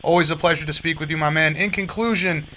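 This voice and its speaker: A man's voice: fairly high pitch, steady tone, fast, bright, forceful tone, a little hiss or hum. A man hosting a sports radio show, chatting easily with his guests and laughing along.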